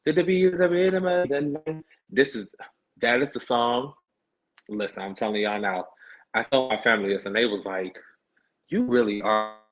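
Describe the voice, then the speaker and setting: A man's voice: fairly low pitch, moderate pace, pauses often, a bit bright. A man hosting a podcast livestream, chatting casually in a sassy, slangy way. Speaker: podcast host. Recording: dull lo-fi stream audio.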